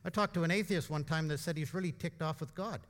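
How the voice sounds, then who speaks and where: A man's voice: a little high, fast, a bit bright, a little hiss or hum. A man pastor giving an informal, emphatic sermon full of asides and rhetorical questions, with the long reverb of a church hall. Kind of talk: conversational sermon.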